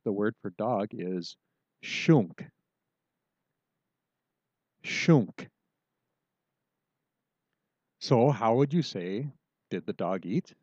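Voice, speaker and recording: A man hosting a podcast language lesson in a casual, unhurried way, with plenty of ums and slow, careful pronunciation of example words. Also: fairly low pitch, mellow, dry recording, muffled recording.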